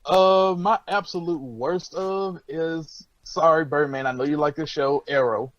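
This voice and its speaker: A man's voice: fairly high pitch, measured pace, no room sound, dull audio. A man co-hosting a casual roundtable chat, talking frankly and rambling with lots of fillers and swearing. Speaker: podcast co-host.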